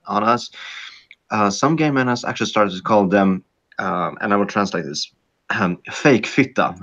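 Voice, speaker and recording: A man's voice: lowish voice, fairly bright tone, lo-fi sound. A Swedish man speaking English with a Swedish accent, chatting casually on a podcast with many fillers and restarts. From Sweden. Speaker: guest.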